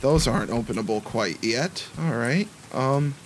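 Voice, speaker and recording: Animated young man narrating a horror game. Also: medium pitch, measured pace, a little hiss or hum. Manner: chatty, jumpy, talks to himself while playing. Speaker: gameplay commentator. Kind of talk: let's play commentary. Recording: faint music behind the voice.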